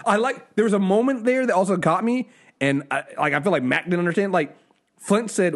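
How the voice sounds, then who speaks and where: A man co-hosting a casual review show, chatting loosely and acting out scenes. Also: a little fast. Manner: animated, acts out scenes in high mock voices. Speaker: podcast co-host.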